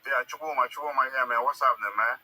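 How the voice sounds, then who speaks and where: A man's voice: medium pitch, fast talker, pushed and bright, a little hiss or hum, poor audio. A man on a live audio chat, taunting and swearing at another speaker, repeating "man" and "bro". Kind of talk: mocking banter.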